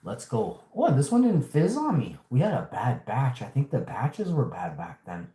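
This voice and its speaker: A man's voice: mid-range voice, moderate pace, reverberant. Profane rambling man vlogging. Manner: profane, rambling, animated storytelling. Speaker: host. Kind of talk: casual rambling vlog chat.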